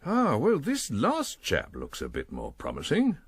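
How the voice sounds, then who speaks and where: An actor playing a snobbish, plummy colonel in a radio comedy. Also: male voice, medium pitch, wildly swooping pitch, unhurried, background noise. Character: snobbish older male colonel, producer.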